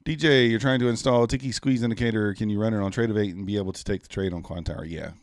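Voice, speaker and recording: A man's voice: on the low side, steady tone, racing, dry recording, studio quality. A man in his thirties giving laid-back casual commentary on a live trading stream, talking to chat viewers. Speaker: livestream day trader.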